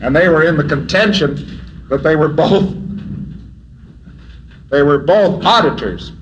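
A man's voice: on the high side, a little slow, lo-fi sound, noisy background. Chuckling man giving a story-filled lecture. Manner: chuckles often while telling stories; acts out dialogue in his anecdotes. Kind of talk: anecdotal lecture.

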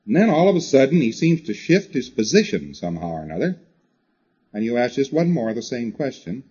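A man's voice: mid-range voice, big pitch swings, brisk, mellow, husky, dull audio. A man lecturing a class in a conversational way, driving his points home with repetition and frequent "you see" asides.

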